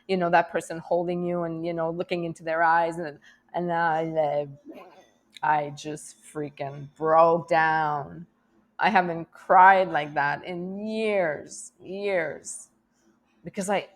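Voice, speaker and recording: Candid, emotional woman with a lowish voice. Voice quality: emotional, rambling and open, with frequent laughs and restarts. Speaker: vlogger. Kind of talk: candid personal vlog.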